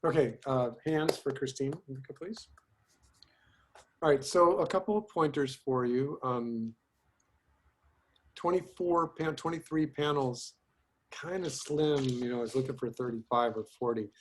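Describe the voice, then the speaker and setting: Speaking a little slowly in a medium-pitched voice, a storyboard instructor offers rambling, chatty feedback on his students' work. The online class comes through a video call, and his talk is thick with fillers and restarts.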